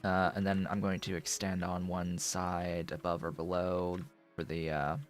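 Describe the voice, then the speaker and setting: A man's voice: deep voice, flat delivery, unhurried, faint music behind. A man streaming a building game, thinking aloud in casual commentary as he works.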